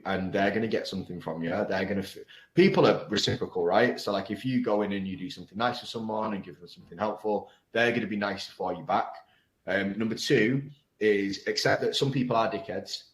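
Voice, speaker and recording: A man speaking as a guest in a casual interview, blunt, frank and sweary. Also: fairly low pitch. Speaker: guest, online coaching business owner. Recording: roomy echo.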